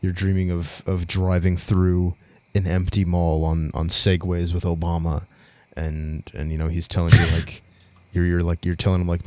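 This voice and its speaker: Young guy with a really low voice, rambling podcast chat, swears constantly, laughs mid-story. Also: level tone, normal speed, hardly any pauses, darkish tone, dry recording. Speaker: podcast co-host. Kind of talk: casual chat.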